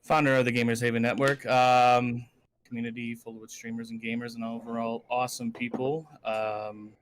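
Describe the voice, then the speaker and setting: A young man guesting on a casual gaming podcast, laid-back and playful, now and then breaking into hype shouts. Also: mid-range voice, little pitch movement, normal speed, slight background noise. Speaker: guest, gaming community founder. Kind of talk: casual chat.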